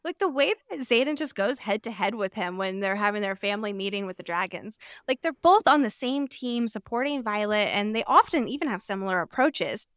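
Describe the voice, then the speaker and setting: A woman's voice: medium pitch, animated, brisk, few pauses, fairly bright tone, dry recording, studio quality. Upbeat, chatty young woman podcaster. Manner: chatty and upbeat, filler-heavy. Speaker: podcast co-host. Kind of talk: casual book-discussion chat.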